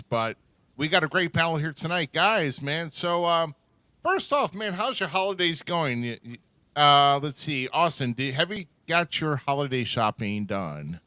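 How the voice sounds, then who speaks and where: A man hosting a live podcast, talking in an animated, rambling way with lots of fillers. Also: on the high side, no room sound. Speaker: podcast host. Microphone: headphones and desk mic.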